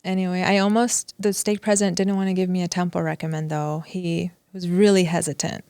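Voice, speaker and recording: A woman's voice: lowish voice, a little fast, clear, resonant tone, no room sound. A woman guest on a podcast, telling a personal family story in conversation and acting out past exchanges. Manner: animated, acts out past dialogue.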